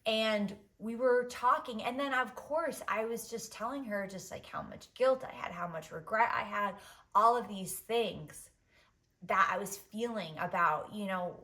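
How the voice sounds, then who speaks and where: A woman's voice: medium pitch, a little slow, bright, forceful tone. A woman podcast host telling a candid personal story, emotional and profane, with many "like"s. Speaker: podcast host giving advice.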